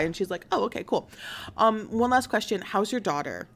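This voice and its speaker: A woman's voice: lowish voice, animated, fairly quick, fairly bright tone. A young woman hosting a casual online news show, retelling a story animatedly and acting out the quotes with plenty of swearing.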